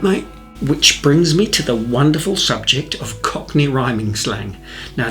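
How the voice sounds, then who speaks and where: Chatty Southern English art tutor. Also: male voice, medium pitch, fairly bright tone. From North Kent, England. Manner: friendly, rambling, anecdotal. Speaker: art instructor. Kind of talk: chatty painting tutorial voice-over.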